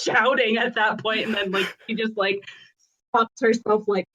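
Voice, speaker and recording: A woman's voice: on the high side, steady tone, moderate pace, a bit bright, low-quality recording. A young woman playing a tabletop game, describing her character's actions in a chatty way with many fillers. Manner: chatty, with lots of fillers and laughs. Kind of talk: casual role-play narration.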